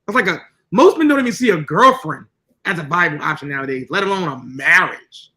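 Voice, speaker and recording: Podcast co-host, man, high bright voice, blunt and preachy with lots of swearing. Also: lively intonation, a little fast, poor audio. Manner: blunt, profane, lecturing. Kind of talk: casual podcast talk.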